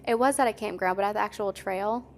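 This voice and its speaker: A young adult woman co-hosting a podcast tells a story in casual chat, her mid-range voice moving fast over slight background noise. She's chatty and leans heavily on "like" fillers.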